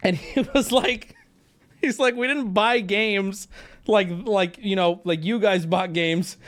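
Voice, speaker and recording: A man's voice: sits high, slow pace. A young man telling a rambling story on a live stream, talking to chat and swearing freely.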